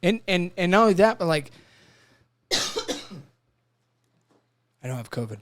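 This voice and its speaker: A man's voice: sits high, measured pace, a little hiss or hum. A man in his thirties, a Marine veteran and podcast host, talking casually and emotionally, swearing a lot and acting out little scenes. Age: 30s. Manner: emotional, profane, animated storytelling. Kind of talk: casual chat.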